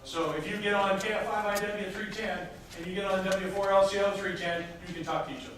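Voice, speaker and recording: A man's voice: sits high, steady tone, fairly quick, fairly bright tone. A man teaching a class, explaining technical steps one by one with frequent hesitations, recorded from across the room. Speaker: instructor. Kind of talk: classroom lecture. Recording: echoey room from far off, faint noise.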